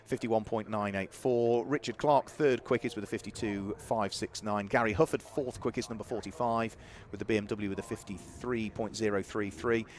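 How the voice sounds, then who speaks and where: A man's voice: lowish voice, fairly even intonation, normal speed, few pauses, slight background noise. A man commentating live on club motor racing, methodically reading out lap times and grid positions.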